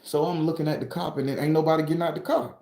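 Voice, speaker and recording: A man from southern Florida telling a wild personal story in a casual, profane, rambling way, climbing higher and louder as he gets worked up. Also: steady tone, rapid-fire. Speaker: storytelling channel host. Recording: roomy echo.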